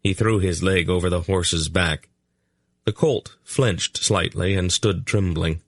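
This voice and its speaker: A male audiobook narrator tells the story in an even, measured way. His voice is very deep, and the sound is dry and close to the mic. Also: vocal fry, breathy edge, no room sound. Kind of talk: scripted narration.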